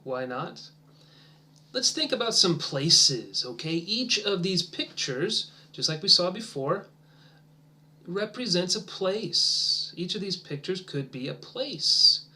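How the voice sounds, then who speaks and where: A man's sing-song, high-sitting voice carries a demonstration English lesson for teachers. He's encouraging and drawn-out, and he lowers to near-whispers as he waits for replies.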